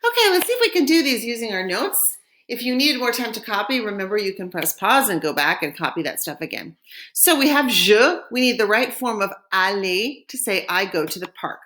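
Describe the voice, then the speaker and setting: A woman recording a French lesson, pronouncing phrases slowly and clearly so learners can repeat them. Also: mid-range voice, sing-song, sharp tone. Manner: slow, clear modeling of French phrases for repetition. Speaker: French teacher.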